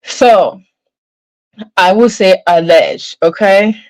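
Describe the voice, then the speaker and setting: A woman's voice: mid-range voice, takes it slowly, no room sound. Chatty woman hosting a gossip livestream. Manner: chatty, tags lines with "right?" and "okay?"; greets chat viewers mid-story. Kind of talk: casual livestream commentary.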